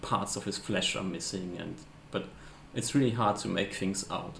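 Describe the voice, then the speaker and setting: A man runs a tabletop game as game master, his low voice gravelly with fry. He narrates hesitantly and fills gaps with ums. The room is echoey, with a faint hiss. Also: normal speed. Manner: hesitant, searching for words with many fillers.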